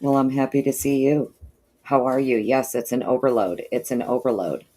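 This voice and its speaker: A woman hosting a casual livestream, greeting viewers in chat by name and calling them honey and darling, sounding low on energy and clearing her throat often. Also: fairly even intonation, normal speed, dark tone. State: low energy, not feeling peppy. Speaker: livestream host.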